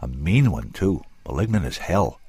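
A man's voice: deep voice, very animated, normal speed, warm tone, husky, dry recording, full character voice. A man voicing a cheerful, bossy male scientist in a spoken story, with a clipped, snappy delivery. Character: brisk, jovial male scientist.

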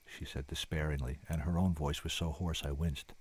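A man's voice: very deep voice, steady tone, normal speed, darkish tone, husky, no echo. A man giving dry, wry first-person scripted narration as an audiobook narrator.

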